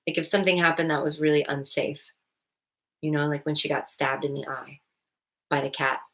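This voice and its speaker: Low-voiced woman musing casually. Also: level tone, fairly quick, fairly bright tone. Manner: rambling, many "like" fillers and restarts. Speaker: vlogger and stepmom. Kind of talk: casual reflective monologue.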